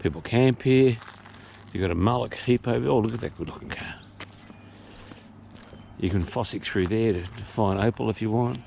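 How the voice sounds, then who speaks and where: An Australian man hosts a laid-back walk-and-talk pub vlog, filmed on a handheld camera outside and inside a country pub, chatting and rambling with casual swearing. His lowish, creaky, slightly mellow voice moves at a moderate pace with frequent pauses, and there's slight background noise.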